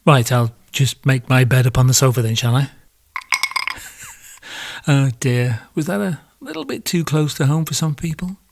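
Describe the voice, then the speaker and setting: Male host, comedic monologue, sarcastic and sweary, average pitch. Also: lively intonation, normal speed, gravelly, background noise. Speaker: podcast host.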